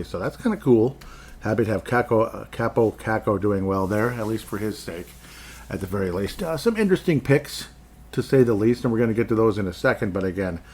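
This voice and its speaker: A man's voice: lowish voice, slight background noise. A man hosting a hockey podcast on his own, rambling through casual commentary with chuckles and asides.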